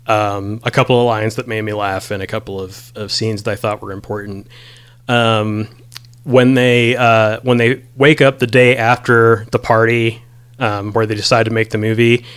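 A man's voice: lowish voice, a bit bright, smooth. A man in a casual podcast conversation about a movie, talking with many ums and reading lines from his notes. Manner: rambling, many ums, reads quotes aloud. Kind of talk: casual film discussion.

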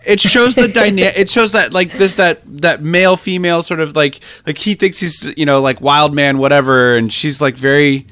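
A man in a casual podcast chat, retelling movie scenes with animated, swearing enthusiasm. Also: on the high side, moderate pace, few pauses, no echo. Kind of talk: casual film discussion.

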